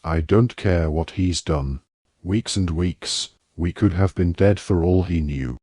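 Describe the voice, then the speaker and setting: A fierce, shrill-tempered teenage witch, as a man reads her in a low, deep voice. She scolds in sharp, loud bursts. The sound is dry and close. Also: slow, husky, no echo, full character voice. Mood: furious.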